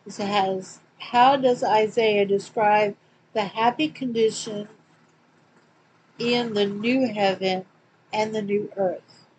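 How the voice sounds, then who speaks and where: A woman with a Southern accent, reading Bible questions and verses aloud slowly, with small slips and asides. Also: medium pitch, fairly even intonation, darkish tone, a little hiss or hum, low-quality recording. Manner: slow and deliberate, reads quotes slowly with small slips and asides. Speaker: Bible study reader.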